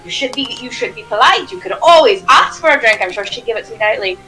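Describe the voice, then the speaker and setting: A woman's voice: fairly high pitch, animated, fast talker, bright, forceful tone, soft background music, low-quality recording. A woman voicing a courteous male knight who formally rebukes a rude man. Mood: stern. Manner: formal and reproachful, dialect-style address.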